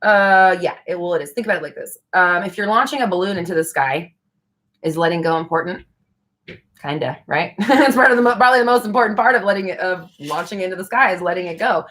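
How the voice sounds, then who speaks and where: Young woman on a live stream, kinda low voice, frank and chatty, swears a bit. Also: fast talker, a bit bright. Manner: chatty, frank, swears casually, laughs often. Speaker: livestream host answering viewer questions. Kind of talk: casual live Q&A chat.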